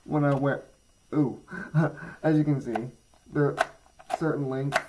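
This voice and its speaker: A teenage boy who runs a gaming channel rambles casually through a headphone review vlog, full of fillers and self-mocking jokes. His male voice is medium-pitched with fairly even intonation, and he speaks slowly over background noise.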